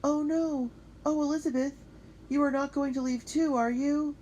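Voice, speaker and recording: A woman doing an excitable young girl. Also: on the high side, fairly quick, muffled recording, voice pushed up, close to an everyday voice. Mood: alarmed. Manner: breathless, pleading.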